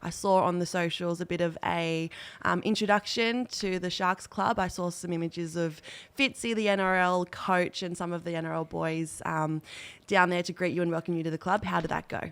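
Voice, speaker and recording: A woman's voice: lowish voice, fairly even intonation, normal speed, hardly any pauses, smooth. A young woman from New co-hosting a podcast, asking questions and chatting casually with her teammate. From New Zealand. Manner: friendly interviewer, asks questions and reacts. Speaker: podcast co-host and rugby league player. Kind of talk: casual chat.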